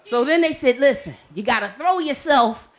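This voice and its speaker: Animated woman telling a comic story. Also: high-pitched, normal speed. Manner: animated and comic, acts out her own panicked voice. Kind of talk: live storytelling performance. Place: stage before a live audience.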